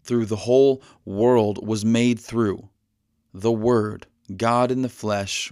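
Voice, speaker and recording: A man preaching an earnest podcast sermon, slowing down at key lines to let them land. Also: fairly low pitch, fairly even intonation, darkish tone, no echo, studio quality.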